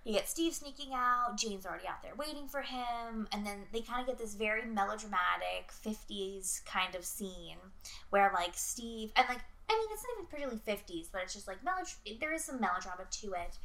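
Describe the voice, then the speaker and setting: A woman's voice: mid-range voice, expressive, brisk, sharp tone. A young woman co-hosting a casual podcast about a movie, chatty and swearing freely as she acts out lines from the film. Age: young adult. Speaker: podcast co-host.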